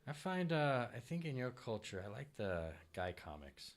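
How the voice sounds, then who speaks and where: A man hosting a casual panel chat, talking haltingly with many pauses and restarts. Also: mid-range voice, big pitch swings. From United States. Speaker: podcast host.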